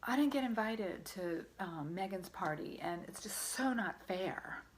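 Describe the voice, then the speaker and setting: A woman's voice: mid-range voice, expressive, measured pace, slight background noise, natural voice, low-quality recording. A woman voicing an upset young girl who complains indignantly to her mother.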